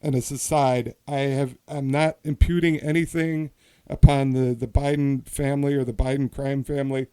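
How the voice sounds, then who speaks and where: A man's voice: mid-range voice, level tone, moderate pace, mellow, clean tone. A man hosting a podcast in casual chat, telling a hypothetical story with many restarts and asides. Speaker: podcast host.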